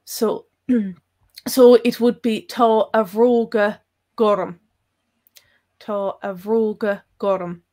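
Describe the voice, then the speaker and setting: An Irish woman teaches in a live question-and-answer stream, taking her time over each example. She speaks slowly and carefully, repeating phrases so learners can follow. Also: medium pitch, fairly even intonation, dark tone. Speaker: Irish language teacher, co-host.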